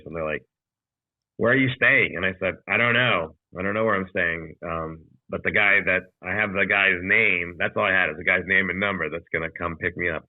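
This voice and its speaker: A man's voice: low-pitched, no echo. A man, a comedian co-hosting a podcast, telling a rambling, profane anecdote in casual chat over a video call. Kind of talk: casual storytelling. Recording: dry tinny video call audio.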